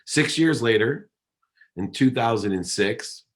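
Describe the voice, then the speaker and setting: A man's voice: medium pitch, expressive, unhurried. A middle-aged man giving a motivational keynote, telling a personal story with dramatic delivery. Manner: dramatic storytelling, acts out quoted dialogue. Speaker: keynote speaker.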